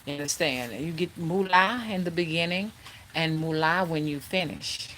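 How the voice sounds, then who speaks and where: A woman hosting a casual livestream as a spiritual reader, chatting and greeting viewers by name in a drawn-out, friendly way. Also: sits low, fairly bright tone, a little hiss or hum.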